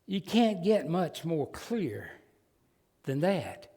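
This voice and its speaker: A man's voice: on the high side, very animated, very slow, dark tone. A man with a Southern American accent preaching a sermon as pastor, folksy and emphatic with joking asides. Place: church sanctuary. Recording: long church hall reverb.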